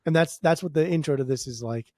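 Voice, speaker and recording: Swearing podcast co-host. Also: male voice, on the high side, fast talker, dry recording, studio quality. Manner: loose, swearing, laughing, animated. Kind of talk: casual chat.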